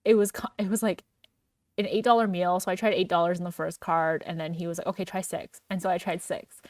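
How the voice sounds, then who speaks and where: A young woman co-hosting a podcast in a chatty, casual way, full of "like" fillers and quick laughs. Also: on the low side, steady tone, a little mellow, no room sound, recorded from a distance. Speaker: podcast co-host. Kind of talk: casual chat.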